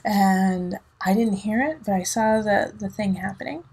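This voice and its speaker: A woman's voice: medium pitch, measured pace, a little mellow, breathy edge. A woman, a tarot reader and mother, chatting casually and rambling as she gives a reading, laughing often. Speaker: dance teacher and mother.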